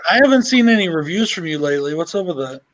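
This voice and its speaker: A man with a high, light voice sits on a casual livestream video call, swearing freely and venting in long, worked-up stories. He sounds like he is talking with friends. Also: animated, fast talker, a crowd in the background, low-quality recording. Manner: profane, ranting. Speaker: livestream panelist. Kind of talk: casual group chat.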